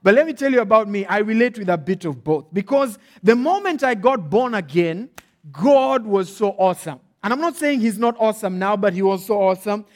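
A preacher with a Kenyan accent tells stories as he preaches, lively and direct. His voice sits fairly high for a man. He keeps checking in with his listeners. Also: brisk. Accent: Kenyan English. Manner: animated, checks in often with "all right?". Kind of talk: storytelling sermon.

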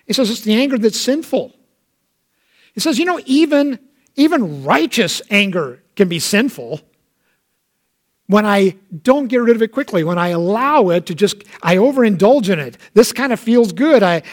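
A man preaching a sermon in a light, high voice. He talks casually, like he's chatting with the congregation, and slips into dramatic voices when he quotes someone. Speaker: pastor.

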